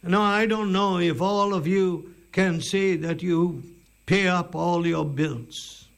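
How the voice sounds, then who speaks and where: Slow, gravelly high-voiced preacher man. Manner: emphatic, rhetorical questions, dramatic pauses. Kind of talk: sermon.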